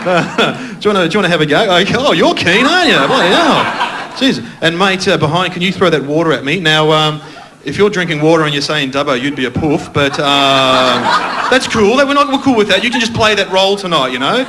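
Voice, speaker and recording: Brief: chatty Australian male comedian working a studio crowd, higher voice, noisy recording. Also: animated, a little fast. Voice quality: rambling, chatty, self-mocking, laughing at his own lines. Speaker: stand-up comedian. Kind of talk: stand-up comedy with crowd work. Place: TV studio stage with live audience.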